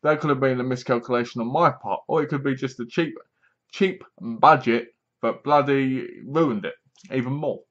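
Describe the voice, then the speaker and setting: A man's voice: mid-range voice, normal speed, a bit bright. A man casually reviewing a horror film, rambling and sarcastic, with many restarts. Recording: dull lo-fi home recording.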